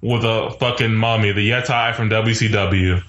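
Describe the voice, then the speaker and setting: A man's voice: on the low side, steady tone, moderate pace, a bit bright. A man casually recapping a movie's plot on a podcast in a dry, step-by-step way. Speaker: podcast co-host. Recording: roomy, dull lo-fi sound.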